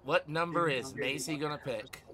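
A man live-streaming a game from home, chatting casually with viewers, teasing and swearing, often bursting out loudly. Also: fairly high pitch, normal speed, a crowd in the background. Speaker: livestreamer.

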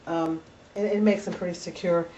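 A woman dog breeder gives a casual video tour indoors at home with her puppies, chatty and doting, with lots of filler words. Her voice is on the low side, warm and steady, at a moderate pace. A helper holds the camera, so the audio sounds slightly distant and dull, with slight background noise.

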